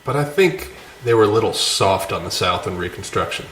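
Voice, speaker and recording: A man's voice: on the low side, animated, fairly quick, a bit bright, roomy sound, slight background noise. A man co-hosting a casual podcast, crude and joking, laughing often. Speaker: podcast co-host. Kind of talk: casual chat.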